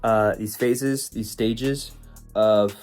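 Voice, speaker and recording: A man's voice: on the low side, steady tone, extremely slow, a little mellow, soft background music. A man vlogging in a casual, rambling way, joking with viewers and talking himself into being productive. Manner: rambling, joking, self-motivating. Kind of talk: casual self-talk vlog.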